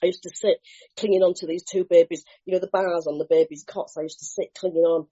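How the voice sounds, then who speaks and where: A woman gives an earnest, animated share at a recovery meeting. Her voice sits fairly low and husky with a mellow, dark tone. The live recording sounds muffled and lo-fi. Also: fast talker. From England. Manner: earnest, animated storytelling, mimics other voices.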